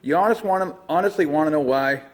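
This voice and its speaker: A man's voice: on the high side, fast talker. Foul-mouthed guy, mock how-to. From Canada. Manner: crude, swears constantly, mock-serious how-to delivery. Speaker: comedy vlog host. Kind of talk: profane deadpan comedy monologue. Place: shop or garage.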